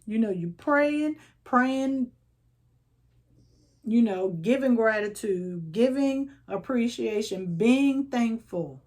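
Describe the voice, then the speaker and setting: Tarot reader, woman, somewhat high voice, animated storyteller. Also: slow pace. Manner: animated storyteller, acting out voices, frequent "okay?". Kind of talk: casual tarot reading monologue.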